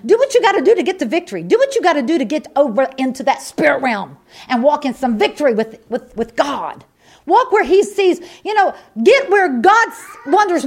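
Animated high-voiced woman preaching. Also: a little fast. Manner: animated, emphatic, repeats phrases. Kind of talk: sermon.

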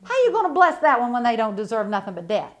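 A middle-aged woman with a fairly high voice preaches with fervent conviction. She drops low and soft for reflection, then climbs into loud, emphatic bursts. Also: sing-song, quick pace. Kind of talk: sermon.

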